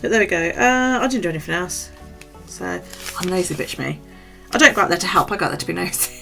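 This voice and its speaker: A woman's voice: fairly low pitch, animated, fast, gravelly, a bit bright, soft background music. A middle-aged British woman vlogging, telling a gossipy story in casual, chatty talk and swearing freely. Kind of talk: casual chat to camera.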